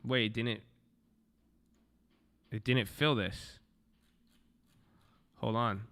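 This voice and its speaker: A young man on a trading livestream, chatting straight to his viewers in a blunt, swearing way. His voice has a gravelly fry at the bottom and a bright, forward tone. He sounds close to a desk mic. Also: medium pitch, fairly even intonation, extremely slow. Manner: blunt, swears, talks to chat. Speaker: livestream stock trader. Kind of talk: casual livestream commentary.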